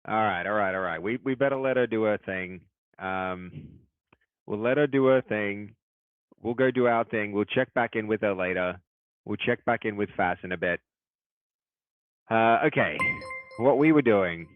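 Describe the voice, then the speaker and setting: An excitable man chats casually to his stream, rambling and then bursting into loud shout-outs. His voice comes through tinny and narrow, like a phone line, with a dry sound and no room echo. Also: on the low side, normal speed. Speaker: game studio head and streamer. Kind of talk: casual live-stream chat.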